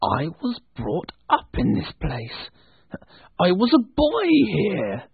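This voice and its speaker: A man voicing a fearful old miser, his voice pushed strained and high. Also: big pitch swings, takes it slowly, slightly rough, no room sound, full character voice. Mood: nervous. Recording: tinny phone-like dry sound.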